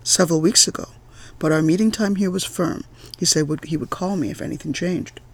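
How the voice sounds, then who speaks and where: A man voicing a shy, nervous Scandinavian professor who answers politely and hesitantly in a storybook reading. The voice is gravelly and a bit breathy. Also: on the high side, fairly quick.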